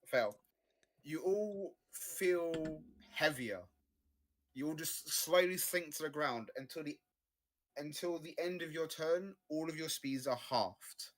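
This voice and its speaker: A man's voice: on the high side, slow. A man narrating a tabletop game as game master, describing scenes in a loose, improvised way over a close desk mic.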